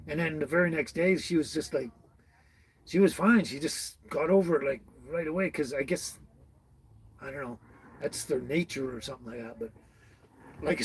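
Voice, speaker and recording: A man's voice: fairly high pitch, slightly rough, rough recording. A middle-aged man hosting a casual live stream, chatting with viewers by name in a rambling way and laughing often. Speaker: livestream host.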